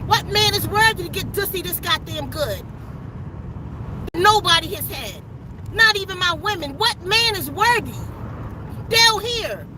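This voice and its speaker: A woman's voice: very high-pitched, expressive, moderate pace, background noise. A woman, delivering an emphatic, profane, preachy spiritual rant straight to camera. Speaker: channel host giving a spiritual message.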